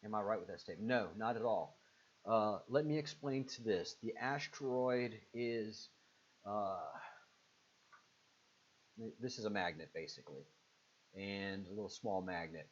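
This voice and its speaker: A man with a Southern accent hosts a live stream and answers viewer comments in a loose, rambling way, with plenty of uhs along the way. His voice sits on the low side. The audio is dull and muffled, like a cheap computer mic at a desk. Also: measured pace, long pauses. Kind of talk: casual live stream chat reading comments.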